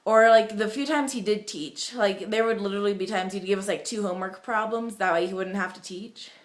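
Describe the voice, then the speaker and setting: Speaking a little fast in a steady, mid-range voice, this young woman from the US chats to her webcam at home. Her casual vlog stories wander and are full of filler words.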